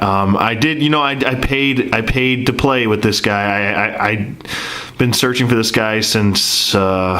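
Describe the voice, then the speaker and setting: A man's voice: fairly low pitch, fairly bright tone. A man reviewing an action figure in a casual vlog, rambling with many fillers and restarts while he is losing his voice. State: losing his voice, throat clearing.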